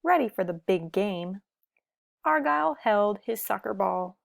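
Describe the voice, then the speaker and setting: A woman reading a picture book aloud to children, gentle and asking the listener questions. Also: mid-range voice, lively intonation, measured pace, gravelly, no room sound, clean studio sound. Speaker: storybook reader.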